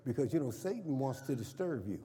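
A man's voice: mid-range voice, sing-song, fairly quick, dark tone. Man preaching in an echoing church. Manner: call-and-response, asks congregation questions. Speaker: pastor. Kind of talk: sermon. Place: church sanctuary. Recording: long reverb of a church hall.

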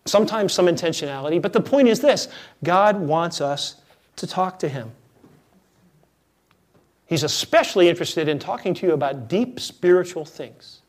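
A man preaching a conversational, jokey sermon as a pastor, his delivery dropping to a hush and then rising loud. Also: high voice, animated, moderate pace. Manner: conversational, jokey, swings between hushed and loud.

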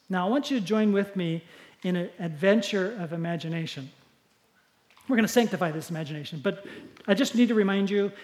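A male pastor preaching a sermon, telling a story with dramatic shifts in loudness. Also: high-pitched.

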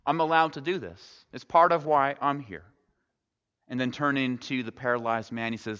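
A male pastor preaching a sermon, telling the story in a relaxed, conversational way and dropping wry jokes along the way. His mid-pitched voice rings out with a long reverb through a church sanctuary. The recording sounds dull and lo-fi. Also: normal speed, clear, resonant tone. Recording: echoey hall, dull lo-fi sound.

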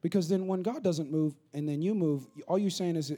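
Mellow-voiced pastor preaching conversationally. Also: male voice, on the high side, faint music behind. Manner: conversational preaching, builds to rapid repetitive crescendos. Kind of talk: sermon.

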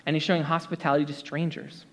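A man's voice: fairly high pitch, level tone, quick pace, fairly bright tone. A man preaching a casual, conversational sermon to his congregation, with lots of fillers and asides. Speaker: pastor. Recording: long hall reverb.

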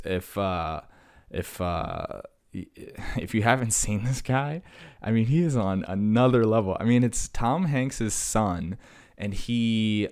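A man's voice: low-pitched, darkish tone. A young man hosting a podcast, talking in a rambling, laid-back, self-mocking way. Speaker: podcast host. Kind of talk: rambling casual podcast chat.

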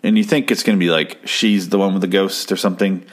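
A young man from Arizona chatting casually, rambling and profane, with deadpan jokes. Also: low voice, fast talker. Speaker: podcast host reviewing an episode. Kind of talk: casual chat.

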